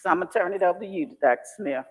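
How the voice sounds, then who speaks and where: A woman's voice: fairly low pitch, rapid-fire, a little mellow. A woman chairing a school board meeting, speaking in a heartfelt, emotional, folksy way. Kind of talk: public meeting remarks. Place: large boardroom. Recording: boardroom with long reverb.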